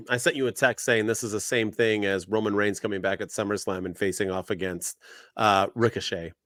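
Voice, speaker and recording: A man co-hosting a wrestling podcast, talking in animated, ranting bursts. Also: on the low side, normal speed, dry recording. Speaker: podcast co-host. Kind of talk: casual podcast chat.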